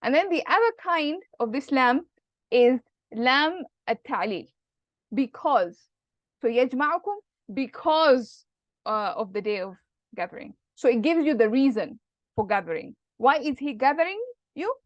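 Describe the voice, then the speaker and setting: A woman's voice: high voice, animated, measured pace, no echo, lo-fi sound. A woman teaching Arabic grammar in an online lesson, explaining patiently step by step and asking rhetorical questions.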